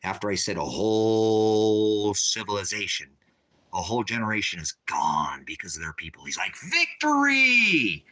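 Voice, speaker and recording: A man preaching on a livestream, ranting forcefully and repeating himself. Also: fairly low pitch, normal speed. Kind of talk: heated livestream rant.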